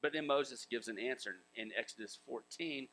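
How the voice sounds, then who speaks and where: A man's voice: mid-range voice, normal speed, a bit bright, rough recording. A man preaching a sermon in a conversational way, acting out biblical voices and chuckling as he goes. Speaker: pastor.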